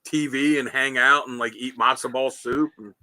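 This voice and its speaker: A male co-host of a casual talk show rambles through anecdotes and acts out what people said, at a moderate pace. His medium-pitched voice is fairly even in intonation, bright and forceful, with no room sound.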